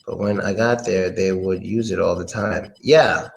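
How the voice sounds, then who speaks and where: American guy teaching english on a stream, kinda low voice, laid back, says stuff twice. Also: unhurried, vocal fry, slight background noise, rough recording. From United States. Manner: relaxed, chatty, repeats phrases. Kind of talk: casual live-stream lesson.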